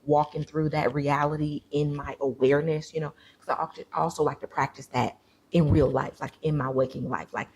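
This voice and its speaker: A woman vlogger telling a story to her viewers in a chatty, animated way, full of fillers. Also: low voice, husky.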